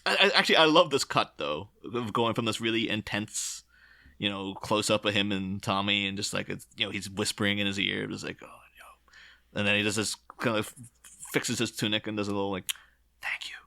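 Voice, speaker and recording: A man's voice: fairly low pitch, a little fast, vocal fry. A man hosting a casual film podcast, acting out lines as he talks. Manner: animated, acts out quotes. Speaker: podcast host.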